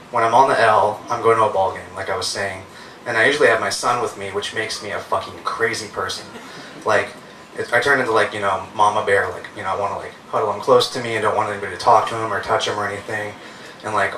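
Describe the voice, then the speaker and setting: A man's voice: lowish voice, bright, forceful tone, a little hiss or hum. A man in his thirties telling funny, self-mocking stories, casual and profane, at a live stage event. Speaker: storyteller. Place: live stage venue with an audience. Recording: roomy hall, heard from a distance.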